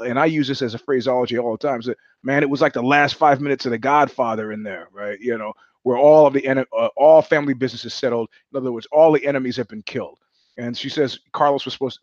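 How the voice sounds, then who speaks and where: A man hosting his own podcast, talking through a film in an animated, digressive way and acting out the lines of its characters. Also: mid-range voice, no echo, highs cut off. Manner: animated, digressive storyteller who acts out quotes. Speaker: podcast host. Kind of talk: solo monologue about film. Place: home room.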